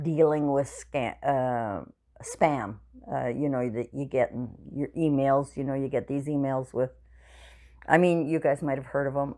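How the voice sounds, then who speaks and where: Low-voiced woman, 60s, home vlogger; tired, yawning, rambling chatty delivery. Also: dark tone. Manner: rambling, chatty storytelling with many fillers. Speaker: craft channel vlogger. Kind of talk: casual chat to viewers. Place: home craft room.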